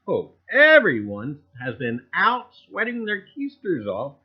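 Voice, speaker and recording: Folksy American man, host of a casual livestream. High, lively voice. Dull lo-fi sound. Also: takes it slowly, breathy edge. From US Northeast. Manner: folksy, greets viewers by name, repeats "I tell you what".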